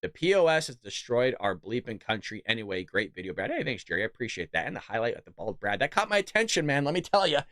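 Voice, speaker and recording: A man's voice: mid-range voice, big pitch swings, fast talker, few pauses, fairly bright tone, no echo, clean studio sound. A man hosting a casual political commentary show in a mocking, sarcastic way. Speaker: show host.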